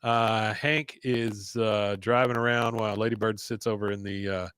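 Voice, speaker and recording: A man's voice: lowish voice, fairly even intonation, normal speed, a bit bright, clean tone, no echo. A man hosting a podcast, recapping a show in a loose, chuckling storytelling way. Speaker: podcast host. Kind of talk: casual episode recap.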